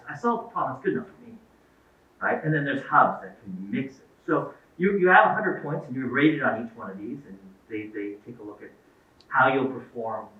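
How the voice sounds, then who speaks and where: A middle-aged man giving a talk to parents, telling anecdotes and acting out the dialogue in them. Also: mid-range voice. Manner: storytelling, acts out quoted dialogue. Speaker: guest speaker. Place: event hall. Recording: echoey, distant, phone-like lo-fi sound.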